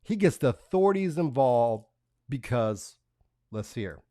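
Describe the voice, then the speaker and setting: A man's voice: medium pitch, big pitch swings, unhurried, dark tone, no echo, clean studio sound. A man hosting a live stream, talking casually and reading messages aloud in a profane, mocking way, laughing between lines. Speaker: livestream host.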